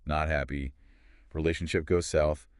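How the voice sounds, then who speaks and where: A man with a low voice hosts a podcast in an easy, conversational way. He keeps things upbeat, tossing out quick, clipped phrases. The sound is dry and close, with no room around it. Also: fairly even intonation, no room sound. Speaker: podcast host. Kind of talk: casual podcast chat.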